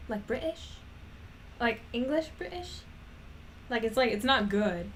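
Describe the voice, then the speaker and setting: Give me a woman chatting casually, self-deprecating and rambling, slow and a little high. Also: expressive, a bit bright, a little hiss or hum. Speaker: animator and vlogger. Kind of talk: casual chat.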